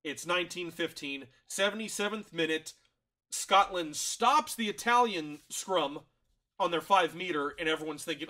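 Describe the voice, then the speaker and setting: A man co-hosting a rugby podcast in casual chat, animated and jokey, acting out players' thoughts. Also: on the high side, moderate pace. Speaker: podcast co-host.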